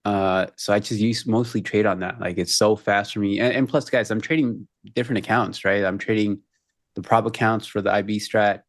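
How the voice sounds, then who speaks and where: Man, casual trading chat, low pitch, dry sound. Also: steady tone, no room sound. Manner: quick, joking banter. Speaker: trading show co-host.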